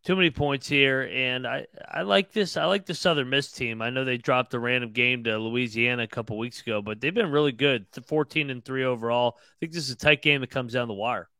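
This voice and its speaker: Easygoing man with a bright voice. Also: medium pitch, fairly quick, few pauses, no room sound. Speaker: co-host. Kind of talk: casual betting picks chat.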